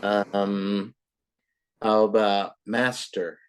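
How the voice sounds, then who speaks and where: A woman English tutor talks slowly and patiently to a young pupil. She repeats words carefully to model them and keeps her tone encouraging. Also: a bass voice, little pitch movement, clear, resonant tone. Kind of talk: online tutoring lesson.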